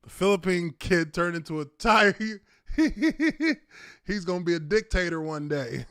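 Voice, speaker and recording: A man in his thirties commentating on an archival clip, cursing and laughing loudly. His voice sits high and swings widely, with a bright, forceful edge. The sound is close and dry with no room around it. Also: big pitch swings, unhurried, no echo. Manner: loud, profane, bursts of laughter and exclamations. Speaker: streamer reacting to an archival clip. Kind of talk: casual reaction commentary.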